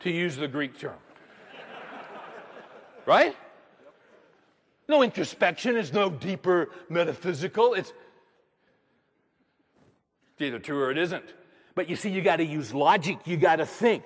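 A man's voice: a little high, lively intonation, normal speed, pauses often, long reverb tail. A man preaching a sermon as a pastor, moving from storytelling to emphatic preaching.

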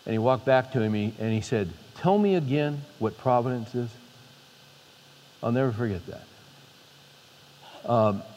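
A man with a medium-pitched, slightly mellow voice gives an informal sermon without a script from a podium in a big hall. He frequently restarts and works up to emphatic high points, and the recording carries long hall reverb.

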